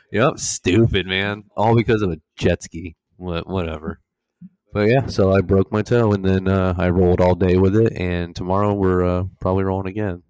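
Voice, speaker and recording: Man, low voice, dry close sound, animated casual storytelling, lots of swearing. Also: moderate pace, smooth, no room sound. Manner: animated, swearing, laughs through his stories. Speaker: podcast co-host.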